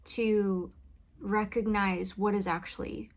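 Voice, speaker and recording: A woman's voice: mid-range voice, steady tone, slow pace. A woman musician talking reflectively in a personal vlog, hesitant and searching for her words, recorded on a studio mic in a home vocal booth. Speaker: musician and video creator. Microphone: studio condenser mic with pop filter.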